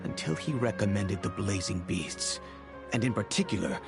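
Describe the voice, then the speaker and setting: A man voicing a wealthy, kindly middle-aged father in game cutscene dialogue, telling the past in a measured, reflective way. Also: lowish voice, big pitch swings. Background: game music.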